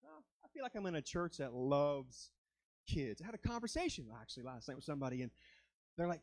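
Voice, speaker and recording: A man's voice: fairly high pitch, big pitch swings, a little fast, dry recording. A man preaching a sermon as a guest speaker, fervent and dramatic, rising and falling as he acts out quoted lines.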